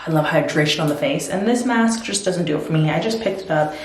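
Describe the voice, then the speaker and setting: A young woman chatting casually in a self-care vlog at home, rambling with lots of fillers, teary and dropping into soft whispers. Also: low-pitched, fairly quick, slight background noise. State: teary, emotional. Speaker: vlogger. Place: home, indoors at night.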